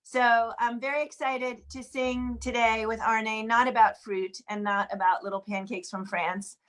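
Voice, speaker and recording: High-voiced woman hosting a video call. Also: steady tone, unhurried, fairly bright tone. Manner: chatty, greets each viewer by name. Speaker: host of an online sing-along. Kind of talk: casual welcoming chat. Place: home, in Washington DC.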